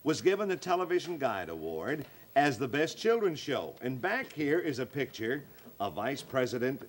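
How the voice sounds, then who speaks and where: A man's voice: mid-range voice, big pitch swings, normal speed, slight background noise. A man hosting a live children's TV show as a showman who talks to the kids directly. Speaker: host.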